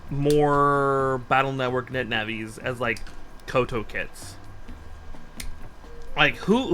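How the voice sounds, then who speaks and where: Slow, bright-voiced man musing aloud. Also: mid-range voice, soft background music. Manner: rambling, talks to himself and counts aloud while working; easily sidetracked, lots of restarts and rhetorical questions. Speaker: streamer. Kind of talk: casual livestream chat while building a model kit.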